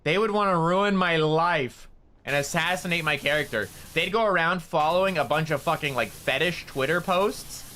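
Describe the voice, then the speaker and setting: A man chatting casually on a gaming livestream, profane and excitable, jumping into high-pitched outbursts. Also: normal speed, slight background noise. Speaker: VTuber streamer.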